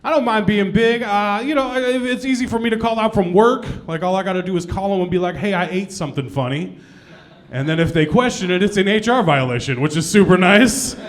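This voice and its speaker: A man's voice: sits high, quick pace, few pauses. A young adult man doing a self-deprecating stand-up comedy set on a club stage, laughing at his own jokes.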